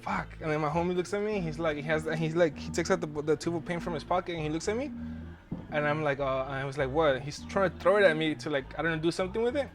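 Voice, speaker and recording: A man's voice: fairly high pitch, fast talker. A young man hosting a podcast, telling a rambling, profanity-laced story in casual chat and laughing as he goes. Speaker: podcast host.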